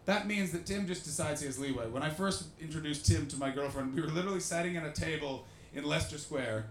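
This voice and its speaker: An animated man telling comic stories, with a bright, forceful voice a touch higher than most. He keeps slipping into the voices of the people he talks about. The sound is roomy, with a faint hum behind it. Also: fast. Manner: animated, jokey, acts out the people in his stories. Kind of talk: live podcast storytelling with an audience.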